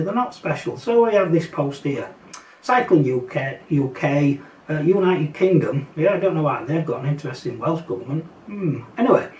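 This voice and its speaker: A man's voice: on the high side, darkish tone. A man with a Yorkshire accent, ranting bluntly and sarcastically in a casual vlog, rambling with fillers and mocking asides. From Yorkshire, England. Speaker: vlogger. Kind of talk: casual opinion rant. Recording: roomy echo, distant from mic.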